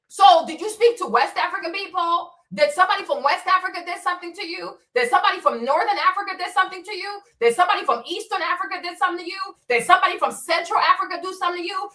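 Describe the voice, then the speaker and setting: A woman's voice: very high-pitched, sharp tone, far from the mic. A woman hosting a livestream commentary, talking casually to her viewers, swearing and firing off repeated rhetorical questions. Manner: emphatic, repetitive, rhetorical questions. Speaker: commentary show host. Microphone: streaming setup mic.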